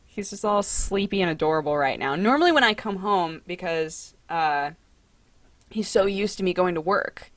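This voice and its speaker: A young woman hosting a casual livestream from home. She talks in a chatty, excitable way and coos to her cat. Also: lowish voice, moderate pace, no room sound. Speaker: livestream host.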